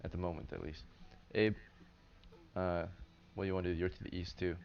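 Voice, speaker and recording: A man's voice: low voice, steady tone, a little fast, gravelly. A man running a tabletop game as game master, narrating loosely with lots of fillers and "right?" check-ins to his players. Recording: dull lo-fi stream audio with faint hiss.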